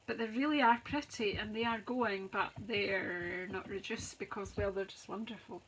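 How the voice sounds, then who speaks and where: A woman's voice: medium pitch, moderate pace, a bit bright, slight background noise, low-quality recording. A woman hosting a live craft stream, chatting to viewers as she rattles off sale prices like an auctioneer. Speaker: craft demonstrator, host. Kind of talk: live-stream product walkthrough.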